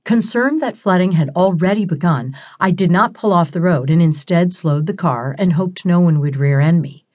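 Low-voiced woman narrating an audiobook. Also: normal speed, few pauses, a little mellow. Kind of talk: scripted first-person narration.

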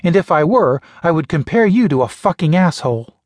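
A scared, snappish young woman in a sci-fi audiobook, as a male narrator lifts his voice for her. She quavers, swears and snaps back, pitched up high. It is close and bone-dry, like a voice booth. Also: sing-song, measured pace, no room sound, full character voice. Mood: frightened, snappish. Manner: sharp-tongued, quavering, swearing. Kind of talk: audiobook character voice.

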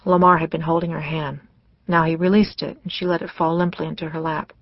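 An audiobook narrator reading a mystery novel in a measured, scripted way. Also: mid-range voice, little pitch movement, no room sound, lo-fi sound.

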